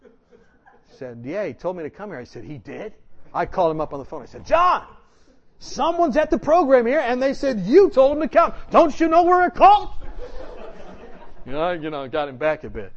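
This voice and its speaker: A male pastor telling humorous stories in a sermon, animated and laughing often. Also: a little high, muffled recording. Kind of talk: storytelling sermon.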